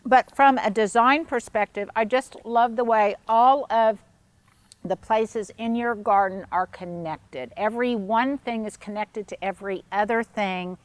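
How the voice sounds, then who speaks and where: A woman's voice: a little high, unhurried, dry recording. A woman hosting a casual garden tour outdoors, gushing with praise as she walks and talks. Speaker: host touring a garden. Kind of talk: casual chat.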